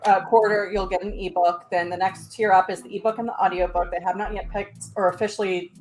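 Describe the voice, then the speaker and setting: A woman appearing as a guest on a podcast talk show, explaining details in a clear, methodical way. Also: mid-range voice, level tone, quick pace, a little mellow, rough recording. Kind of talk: casual video-call chat.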